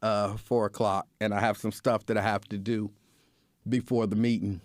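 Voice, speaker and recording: A man hosting a casual livestream show, telling a story in an animated way, laughing often and acting out scenes. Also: on the low side, moderate pace, dry recording, studio quality. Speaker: show host.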